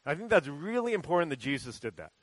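A man with a fairly high voice gives a children's sermon, chatty and animated as he tells the story. The sound is close and dry, with almost no room echo. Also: fast talker. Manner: conversational, animated storytelling with acted quotes. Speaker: pastor. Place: church sanctuary.

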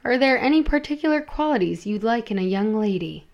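A woman voicing a shrewd, friendly woman who runs a house, speaking in a knowing, brisk way. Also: a little high, animated, a little mellow, dull audio.

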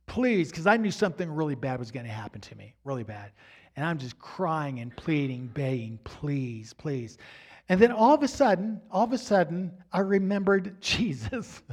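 A man teaching about his faith, telling a personal spiritual story with animated delivery. He repeats himself and often says "you know", and his voice ranges from hushed to near shouting. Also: fairly high pitch, brisk. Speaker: Christian teacher.

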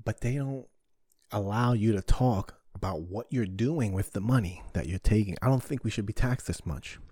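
A man's voice: lowish voice, moderate pace, darkish tone, husky, no room sound, studio quality. A man hosting a podcast, ranting heatedly with lots of swearing and rhetorical questions. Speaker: podcast host. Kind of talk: ranting solo podcast talk.

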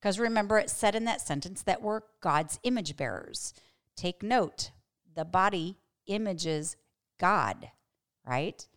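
A woman hosting a podcast and teaching from the Bible in a conversational way, earnest and emphatic, slowing down to stress key words. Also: on the low side, animated.

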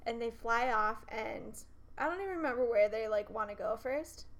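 A woman's voice: on the high side, lively intonation, moderate pace. A woman co-hosting a casual chat, talking loosely with fillers and swearing. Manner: chatty, swears, many fillers.

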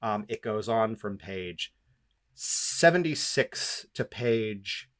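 A man with a fairly low voice recaps a novel for a podcast. He is sarcastic and rambling, with lots of fillers and swearing. The tone stays casual and loose throughout. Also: animated, slow, fairly bright tone. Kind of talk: casual, profane book-recap chat.

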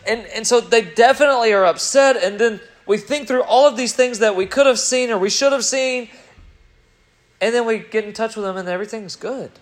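A man preaching a sermon in an animated way, swinging between loud emphasis and quiet, reflective stretches. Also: very high voice.

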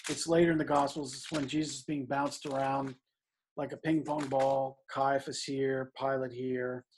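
A man's voice: mid-range voice, flat delivery, normal speed, a little mellow, a little hiss or hum. A middle-aged man, a priest, preaching a conversational sermon, often checking in with "right?" and stressing scripture. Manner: conversational, frequent "right?" asides, emphatic on scripture.

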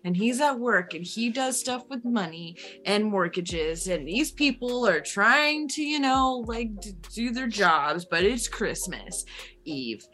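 A woman's voice: mid-range voice, big pitch swings, unhurried, a bit bright. A woman hosting a casual chat, retelling a story in a rambling, playful way with lots of swearing.

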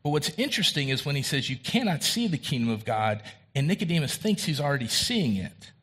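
A male pastor preaching a sermon in a conversational way, acting out quoted dialogue and rising in pitch for emphasis. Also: sing-song, a little fast, a bit bright, breathy edge.

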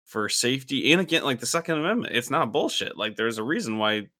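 A man's voice: medium pitch, lively intonation, quick pace, pushed and bright, no echo, clean studio sound. A man, a father, chatting casually and telling a long personal story, candid and swearing freely. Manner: candid, profane, rambling storytelling. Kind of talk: casual chat.

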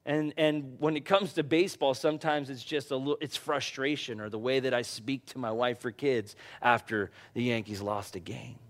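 A middle-aged man preaching a conversational sermon, growing animated as he tells personal stories. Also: medium pitch, moderate pace, hardly any pauses. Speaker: pastor.

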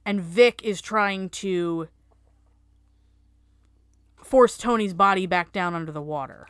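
A woman's voice: on the low side, slow pace, fairly bright tone, clear, resonant tone, no room sound, studio quality. A woman co-hosting a podcast, recapping a film in casual chat, wry and matter-of-fact. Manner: wry, matter-of-fact, finishes her co-host's sentences. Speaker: podcast co-host.

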